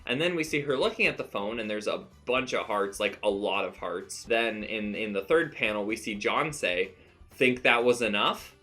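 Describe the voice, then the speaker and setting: A man's voice: on the low side, expressive, moderate pace, hardly any pauses, sharp tone, faint music behind. A young man hosting a comic recap at home, talking with mock-serious irony and laughing at his own jokes. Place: home room.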